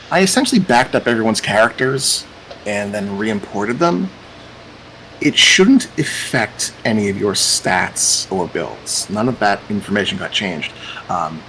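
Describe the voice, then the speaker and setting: A man hosts a casual tabletop game as its game master. He talks in a loose, rambling way, and his pitch swings up and down a lot. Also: fairly bright tone, a little hiss or hum, poor audio. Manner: chatty, meandering, repeats "cool".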